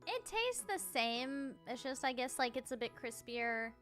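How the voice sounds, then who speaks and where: A woman's voice: high voice, big pitch swings, a little slow, fairly bright tone. A young woman from the Southern United States with a Southern American accent, chatting in an easygoing way with many fillers. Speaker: guest friend. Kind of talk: casual chat. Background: faint music.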